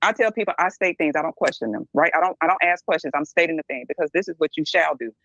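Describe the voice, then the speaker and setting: Talking fast in a low, fairly bright voice, a middle-aged woman guests on a podcast for a frank conversation. She's blunt and emphatic, frequently tossing in "right?", and the audio is muffled with no echo.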